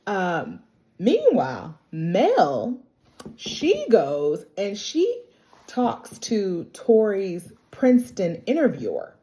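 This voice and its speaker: A woman vlogger recapping a TV episode in casual, slangy chat, acting out the characters' lines in quick bits. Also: medium pitch, wildly swooping pitch, warm tone. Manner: chatty and slangy, quotes characters in quick impressions; laughs often, talks straight to the characters.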